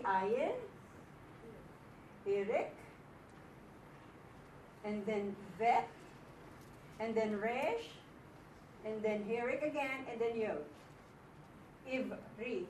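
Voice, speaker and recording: A woman with a slightly high voice leads a classroom lesson at an unhurried pace. She sounds patient, sounding out words again and again and checking in with her students. A faint hum of ambience sits behind her. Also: fairly bright tone. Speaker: Hebrew teacher.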